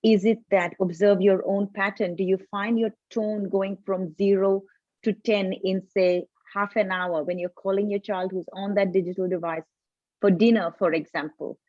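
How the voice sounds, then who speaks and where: A woman's voice: mid-range voice, steady tone, normal speed, darkish tone, dry recording. Earnest woman coaching over a dull call. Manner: earnest, explanatory, with frequent restarts. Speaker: parenting coach, host. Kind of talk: casual live video chat. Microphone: video call.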